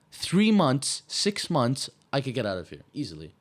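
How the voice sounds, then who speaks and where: Young Maltese male co-host, heated swearing rant, very animated pitch. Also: normal speed. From Malta. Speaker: podcast co-host. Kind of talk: casual chat.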